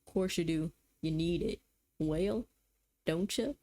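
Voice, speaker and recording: A woman voicing a thin, creepy elderly man with a put-on Southern drawl, slow and wheedling. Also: on the low side, mellow. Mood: coaxing.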